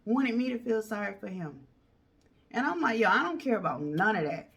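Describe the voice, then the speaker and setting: Animated woman telling a story. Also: mid-range voice, normal speed, far from the mic. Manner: animated, acts out other people's lines in raised voices. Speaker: storytime vlogger. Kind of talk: casual storytelling.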